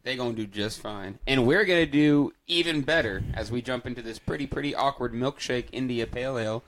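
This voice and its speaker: A man's voice: mid-range voice, brisk, fairly bright tone, slight background noise, low-quality recording. A man co-hosting a casual beer podcast, joking and leading the beer tasting. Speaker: podcast co-host. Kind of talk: casual chat.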